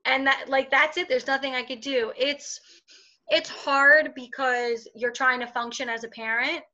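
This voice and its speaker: A woman with a bright, forceful voice talks openly and casually in an interview, her speech full of fillers. Her voice sits a little high. The recording is dull and lo-fi. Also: fairly even intonation, a little slow. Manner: candid, chatty, with frequent fillers. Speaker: interview guest. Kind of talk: casual conversation.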